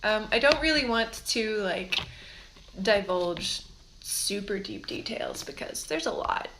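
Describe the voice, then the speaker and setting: A young woman co-hosting a casual tarot chat, halting and giggly, with lots of fillers. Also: mid-range voice, expressive, background noise. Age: young adult. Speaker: tarot co-host.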